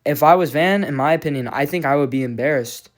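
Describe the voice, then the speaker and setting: A man's voice: fairly high pitch, quick pace. Rambling, cursing man reacting to fights. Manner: rambling, profane, many restarts. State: agitated, frustrated. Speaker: MMA fan commentator. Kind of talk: casual reaction vlog.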